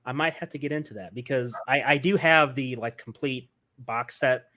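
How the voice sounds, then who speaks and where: A man's voice: mid-range voice, moderate pace, sharp tone. Eager rambling male podcast host. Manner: rambling, enthusiastic, many fillers and restarts. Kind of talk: casual interview chat.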